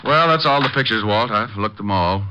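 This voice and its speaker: An actor playing a wisecracking private eye. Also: male voice, on the low side, lively intonation, normal speed, background noise, natural voice. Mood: wry. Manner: wisecracking, breezy. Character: wisecracking male private detective. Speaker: private detective. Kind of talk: 1940s radio acting. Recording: muffled old radio broadcast.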